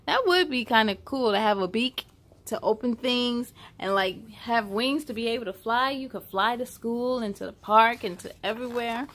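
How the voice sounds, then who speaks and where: A young adult woman reading a children's story aloud, expressive, with chatty asides to the kids. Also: on the high side, moderate pace.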